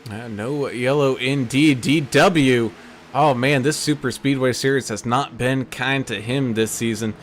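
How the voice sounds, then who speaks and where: A man doing relaxed play-by-play commentary for an online sim race, folksy and full of filler words. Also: medium pitch, measured pace, slight background noise.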